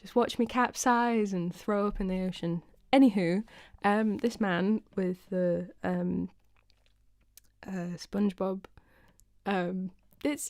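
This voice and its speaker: Unhurried, chatty young British woman streaming. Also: medium pitch, darkish tone, no room sound, clean studio sound. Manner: chatty, rambling, self-deprecating, greets viewers by name. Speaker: singer-songwriter hosting her weekly live stream. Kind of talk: casual chat with live chat viewers. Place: home, indoors.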